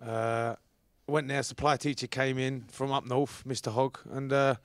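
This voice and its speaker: A man with a London accent, a rugby league player telling stories as a podcast guest in a relaxed, casual way. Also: mid-range voice, a little slow, vocal fry, dry recording, studio quality. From South London. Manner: relaxed, loose, drops in filler words. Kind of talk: casual storytelling. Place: podcast studio.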